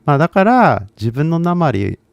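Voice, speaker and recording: Speaking fast in a slightly high, sing-song, gravelly voice, a Californian English teacher chats casually on a livestream. He fills his talk with fillers while switching languages; the sound is lo-fi with no echo.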